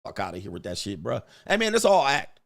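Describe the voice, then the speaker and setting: A man's voice: on the low side, huge pitch swings, fast talker, creaky. A man hosting a show, ranting in a crude, boastful, swaggering way in casual talk. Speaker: show host. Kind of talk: casual livestream rant.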